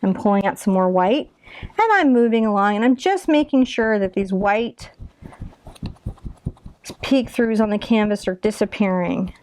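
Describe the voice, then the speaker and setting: A woman's voice: medium pitch, animated, measured pace, pauses often, darkish tone, no room sound. A woman teaching a step-by-step painting tutorial, chatty and encouraging as she talks through each brush stroke.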